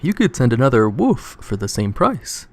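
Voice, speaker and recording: A man's voice: mid-range voice, sing-song, moderate pace, a little mellow, dry recording. A man voicing a polite telegram clerk with a plain, matter-of-fact manner.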